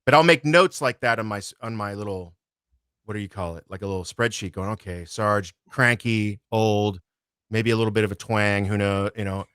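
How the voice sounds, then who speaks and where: A man who narrates audiobooks, talking in a relaxed, rambling way as a podcast guest and swearing freely. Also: fairly low pitch, moderate pace, clean tone, no room sound, studio quality. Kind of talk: casual podcast chat.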